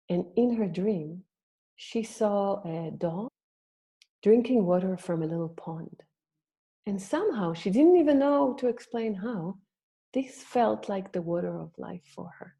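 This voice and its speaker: A woman telling a myth in a gentle, reflective storytelling talk to her group. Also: fairly low pitch. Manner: gentle, reflective, slow-paced. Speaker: birth story practitioner.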